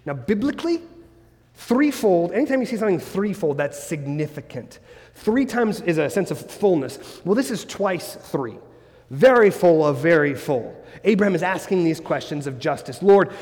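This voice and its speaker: High-voiced pastor in a reverberant church. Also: male voice, darkish tone. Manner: earnest, builds through rhetorical questions. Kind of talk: sermon. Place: church sanctuary. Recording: long reverb of a church hall.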